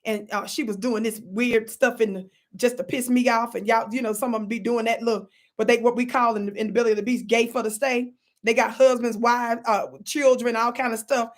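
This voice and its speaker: A woman, hosting her own channel and telling a story in an animated way, often breaking off to say "watch this" and dropping into whispers. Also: a little high, fairly quick. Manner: animated, repeats "watch this", drops to whispers for quotes. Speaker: channel host. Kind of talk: storytelling vlog.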